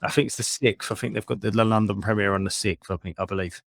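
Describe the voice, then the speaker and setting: A man co-hosting a casual podcast chat, halting and often repeating his words. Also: fairly low pitch, fairly even intonation, creaky, no echo, studio quality. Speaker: podcast co-host.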